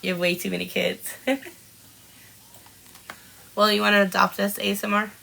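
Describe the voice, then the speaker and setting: A woman in her forties from Washington State chats on a live-streamed podcast and reads out viewer comments. Her voice is bright and forward, with a gravelly fry. She greets people by name and laughs often. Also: mid-range voice, little pitch movement, normal speed, low-quality recording. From Washington State, USA. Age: 40s. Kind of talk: casual chat reading out live comments.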